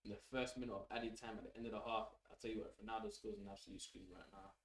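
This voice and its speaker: A man hosting a fan channel, giving live match reaction commentary in an excitable, opinionated way and swearing casually. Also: on the low side, very fast. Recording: roomy echo.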